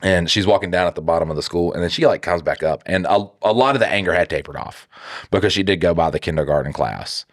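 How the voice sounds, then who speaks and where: A man in his thirties co-hosting a podcast, telling stories in a casual, profane, animated way. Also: low voice, quick pace, no echo. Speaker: podcast co-host.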